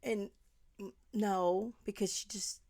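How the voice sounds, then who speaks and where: A woman's voice: mid-range voice, fairly even intonation, slow, creaky, warm tone. A woman giving an angry, rambling commentary monologue, talking straight at the person she criticizes and sometimes dropping to a whisper. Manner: heated, rambling, addresses the subject directly, drops to whispers. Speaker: commentary vlogger.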